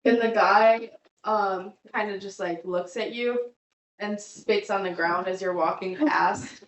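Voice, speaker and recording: A woman's voice: medium pitch, takes it slowly, slight background noise. A woman running a tabletop game as game master, narrating in a giggly, hesitant way. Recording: echoey room, distant mic.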